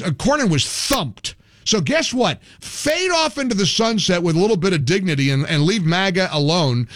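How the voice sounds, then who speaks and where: A man hosting an opinionated political talk show, talking in an emphatic, animated way with frequent restarts. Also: sits high, no echo, studio quality.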